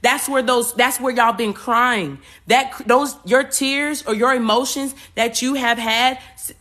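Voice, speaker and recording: A woman podcast host, talking about spiritual energy in an animated way, repeating words and acting out voices. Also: a little high, unhurried. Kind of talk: spiritual talk monologue.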